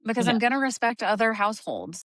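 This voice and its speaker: A woman's voice: on the high side, animated, fast, fairly bright tone, no room sound, clean studio sound. A middle-aged woman co-hosting a casual parenting podcast, chatty and quoting herself in a sing-song voice. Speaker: podcast co-host.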